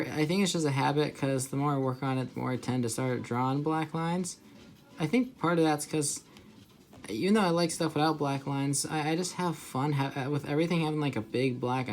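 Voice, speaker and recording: A man's voice: a little high, slight background noise. Young man rambling casually while drawing. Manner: rambling, heavy on filler words and restarts. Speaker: artist vlogger.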